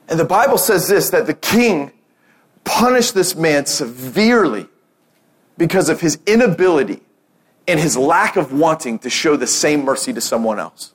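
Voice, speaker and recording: A man preaching a sermon as pastor, telling a parable with lively acted-out quotes and rallying calls. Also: high-pitched, normal speed. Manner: animated storytelling, acting out quotes.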